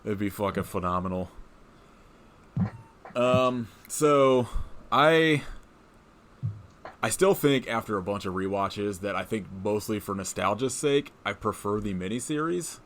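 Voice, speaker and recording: A man's voice: fairly low pitch, lively intonation, unhurried, pauses often, fairly bright tone, a little hiss or hum. A man co-hosting a podcast in casual chat, rambling, swearing freely and laughing often. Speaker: podcast co-host.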